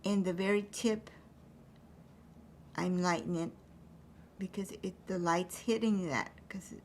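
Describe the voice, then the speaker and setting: A woman teaching an acrylic painting demonstration, thinking aloud as she paints in a relaxed way. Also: on the low side, measured pace, a little hiss or hum.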